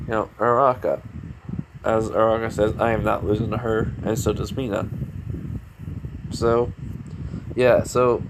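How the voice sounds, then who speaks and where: Guy rambling through a fan story, low voice, ac humming loud in the room. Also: poor audio. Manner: rambling, full of fillers and restarts. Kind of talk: casual fan story narration. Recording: air conditioner hum behind. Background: air conditioning.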